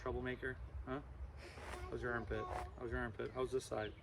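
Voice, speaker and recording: A man's voice: mid-range voice, flat delivery, brisk, creaky, noisy background. A man presenting a live animal show to kids, playful and teasing.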